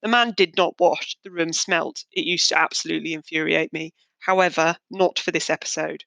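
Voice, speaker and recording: A woman's voice: low-pitched, fairly even intonation, moderate pace, creaky, a bit bright, dry recording. A woman hosting a podcast, telling a long personal story in a chatty, rambling and darkly candid way. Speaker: podcast host. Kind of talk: casual storytelling monologue.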